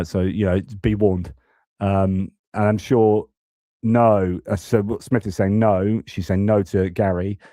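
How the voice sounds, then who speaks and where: Casting note: male live stream host, casual rambling commentary, low mellow voice, dry sound. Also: dry recording. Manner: chatty, rambling, many fillers and restarts.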